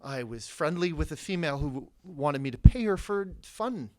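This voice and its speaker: A man from Canada, a podcast guest telling a story in a casual, profane, animated way. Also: on the high side, fairly quick. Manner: animated, profane, laughs through his story.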